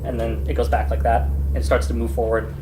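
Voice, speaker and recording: Rambling game master with a noisy background. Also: male voice, medium pitch, a little fast. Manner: relaxed, rambling with fillers and laughs. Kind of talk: narrating a tabletop game.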